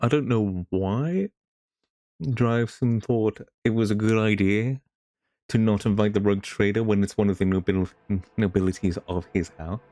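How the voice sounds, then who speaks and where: Low-voiced swearing game streamer. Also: male voice, level tone, moderate pace, mellow, dry recording. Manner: muttering, swearing, thinking aloud. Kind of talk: casual gameplay commentary.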